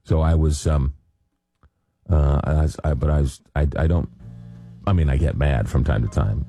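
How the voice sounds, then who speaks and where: A man's voice: rumbling low, normal speed, long pauses, warm tone, soft background music. A man hosting a late-night radio show, rambling casually with lots of fillers while he gets over a cold. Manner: rambling, searching for words with many fillers. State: recovering from a cold. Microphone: studio microphone.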